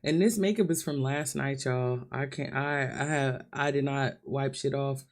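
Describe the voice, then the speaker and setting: A young woman with a very deep voice speaks at a measured pace to the camera. In an emotional vlog confession, she cries and sounds nervous while laughing through her tears.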